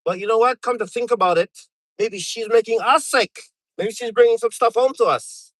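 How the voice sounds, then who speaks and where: A man's voice: very high voice, normal speed, a bit bright, no room sound, rough recording. A middle-aged man from Canada chatting casually on a live stream, rambling with lots of fillers and restarts.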